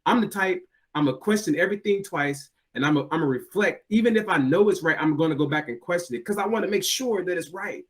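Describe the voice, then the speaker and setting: A man's voice: high-pitched, fast talker, hardly any pauses. A man chatting casually as a podcast co-host, telling stories and acting out quotes in a raised voice. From United States. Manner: animated storyteller, acts out quotes in a raised voice. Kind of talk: casual chat.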